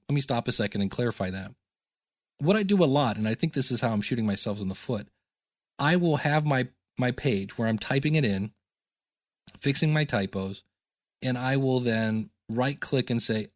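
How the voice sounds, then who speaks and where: A man's voice: mid-range voice, no room sound, clean studio sound. A middle-aged man teaching podcasting in a chatty, self-deprecating solo talk with goofy asides.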